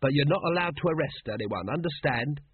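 A man doing a weary, husky watch captain. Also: a little high, lively intonation, a little fast, dry recording. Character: weary, harried middle-aged male watch captain. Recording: dry, phone-like narrow sound.

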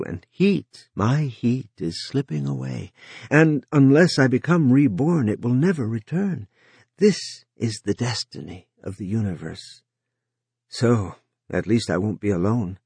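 A man's voice: on the low side, animated, measured pace, gravelly, darkish tone, breathy edge, no room sound, exaggerated voice. A man voicing an exhausted, dying man who speaks in weary, strained lines.

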